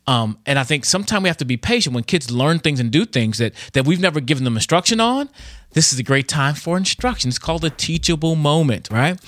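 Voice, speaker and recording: A middle-aged man and father giving an earnest, conversational devotional talk on parenting. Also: mid-range voice. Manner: earnest and conversational, acts out kids' voices. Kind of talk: informal devotional teaching.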